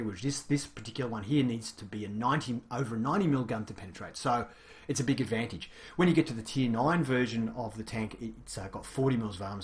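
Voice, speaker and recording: A man hosting a casual game review, chatty and explanatory, with frequent fillers. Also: fairly low pitch.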